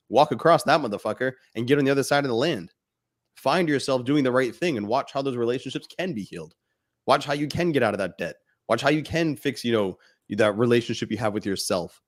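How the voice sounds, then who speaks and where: A man co-hosting a fatherhood podcast, giving a blunt, motivational talk straight to the listener and swearing freely. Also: medium pitch. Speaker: podcast co-host.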